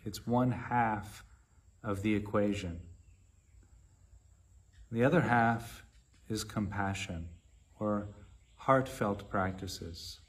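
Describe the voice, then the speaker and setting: A man teaching meditation in a measured, unhurried dharma talk with long pauses between phrases. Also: on the low side, husky.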